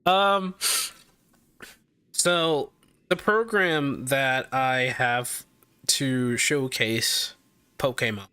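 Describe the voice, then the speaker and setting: A man's voice: medium pitch, very slow, long pauses, bright, forceful tone, clear, resonant tone, dry recording. A man streaming live, chatting casually and animatedly with his viewers, laughing often and tripping over his words.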